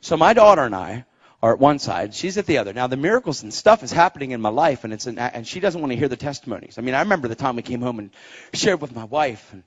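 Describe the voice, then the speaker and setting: Male evangelist giving an excitable testimony sermon, lively pitch, muffled lo-fi audio. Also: fast talker. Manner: animated, emphatic storytelling with sound effects. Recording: dull, muffled recording.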